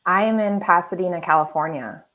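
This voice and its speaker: A woman from Wisconsin with a Wisconsin accent, a guest on a podcast, friendly and quick to laugh in casual chat. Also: lowish voice, animated, fairly bright tone. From Wisconsin, USA.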